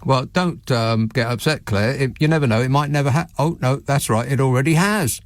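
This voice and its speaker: A man's voice: mid-range voice, fairly quick, no room sound. A man hosting a talk radio phone-in, sardonic and mocking, chuckling at his own jokes. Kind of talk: late-night talk radio monologue.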